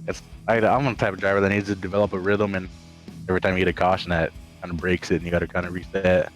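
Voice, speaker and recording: A man's voice: low voice, level tone, fast, faint music behind. A man who finished second in the race, explaining his driving in a plain, matter-of-fact way during an interview. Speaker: second-place race driver.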